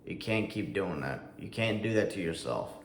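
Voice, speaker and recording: Man, lowish voice, casual rambling storytelling, echoey room, faint background hum. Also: lively intonation, moderate pace. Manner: rambling with frequent fillers and restarts, occasional swearing. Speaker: Army veteran vlogger.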